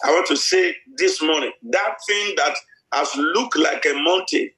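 A man's voice: fairly high pitch, very animated, measured pace, bright, forceful tone, slight background noise. A middle-aged man preaching a sermon, repeating himself with many hesitant restarts. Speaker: pastor. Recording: echoey church hall.

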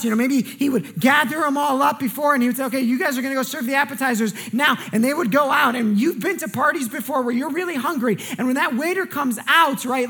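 Earnest woman preaching a sermon. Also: a bit bright. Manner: earnest, frequent restarts and repeated words; drops pitch and volume for emphasis. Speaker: pastor.

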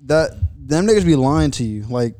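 A man's voice: medium pitch, animated, normal speed, dark tone, dry recording, studio quality. A man hosting a podcast in casual chat, ranting bluntly and swearing freely. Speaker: podcast host.

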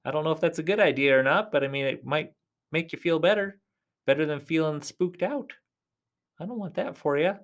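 Male podcast host, casual solo chat, slightly high voice, rambling and reassuring. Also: brisk. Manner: rambling, chatty, talks straight to listeners with a reassuring tone.

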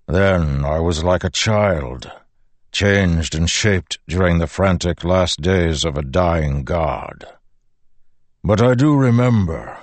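A man voicing an ancient, solemn male storm spirit in a slow, grave, weighty delivery. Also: deep voice, a little mellow, dry recording.

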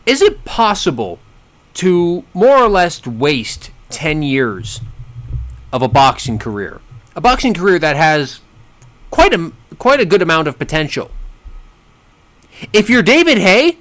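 A man giving casual solo boxing commentary, sarcastic and animated, often stumbling and restarting his sentences. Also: sits high, no echo.

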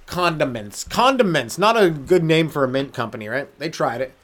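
Speaking a little fast at a medium pitch, this young stand-up comic from Canada runs his comedy podcast solo. He rambles through crude material and cracks himself up as the rant goes on.

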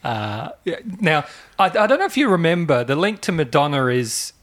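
A man's voice: a little high, sing-song, moderate pace, a bit bright. A man co-hosting a podcast, telling an amused story in casual chat and chuckling often. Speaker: podcast co-host.

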